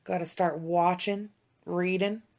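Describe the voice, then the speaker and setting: A woman in her thirties co-hosting a podcast, telling stories in a casual chat with animated swings from loud outbursts to hushed asides and plenty of swearing. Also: fairly low pitch, unhurried, creaky. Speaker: podcast co-host.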